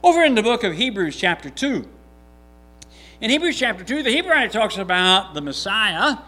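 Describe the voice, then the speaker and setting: A man's voice: high voice, big pitch swings, fairly quick, bright, forceful tone. A man reading scripture aloud and then preaching a sermon, earnest and emphatic, repeating his key points with frequent restarts.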